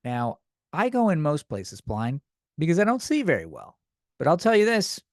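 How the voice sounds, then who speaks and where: A man's voice: fairly high pitch, huge pitch swings, normal speed, dry recording, studio quality. A man hosting a comedy podcast, ranting in an exasperated, profane way. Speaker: podcast host.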